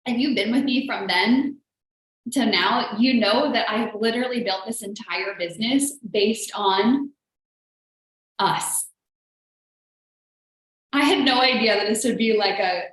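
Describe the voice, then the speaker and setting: A woman's voice: mid-range voice, a bit bright. A woman business coach hosting a live show, talking in a chatty, earnest, motivational way with lots of "like". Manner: chatty and earnest, heavy use of "like". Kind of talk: motivational live-stream talk. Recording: very echoey room.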